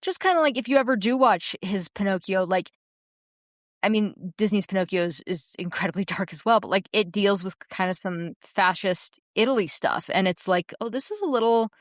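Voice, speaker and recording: A woman co-hosts a casual film podcast, speaking at a middling pitch with eager, earnest enthusiasm. She often restarts her sentences as her thoughts run ahead of her, and the sound is dry and close. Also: moderate pace, no echo. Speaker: podcast co-host.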